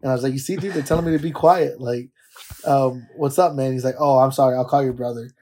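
A man's voice: mid-range voice, fairly even intonation, fast, dark tone, slight background noise. A laid-back man chatting on a fantasy football podcast in an ordinary mid-range voice. He tells stories easily and laughs often. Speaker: podcast co-host. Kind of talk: casual fantasy football chat.

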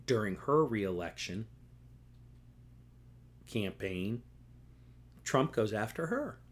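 A middle-aged man rants angrily on his solo podcast, swearing a lot and repeating himself, tagging his points with "right?" and "okay?" His lowish voice is expressive, and he takes it slowly.

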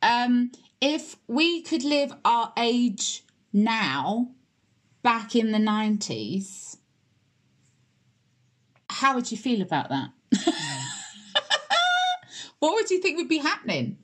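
A woman's voice: sing-song, slow pace, pauses often. A British woman who is a musician, co-hosting a casual podcast chat and laughing easily. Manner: laughs easily, exclaims in high-pitched disbelief. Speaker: podcast co-host.

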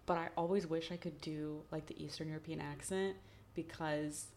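A young woman hosts a casual podcast chat. Her voice sits on the low side, and she talks in a loose, chatty way with frequent laughs and fillers. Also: steady tone, moderate pace, darkish tone, a little hiss or hum. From Texas, USA. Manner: chatty, laughing, heavy use of "like". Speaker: podcast host.

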